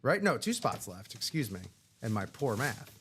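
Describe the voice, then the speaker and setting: A man's voice: medium pitch, sing-song, moderate pace, a bit bright, a little hiss or hum. A man co-hosting a live card-break stream, playful and joking. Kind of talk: casual live-stream chat.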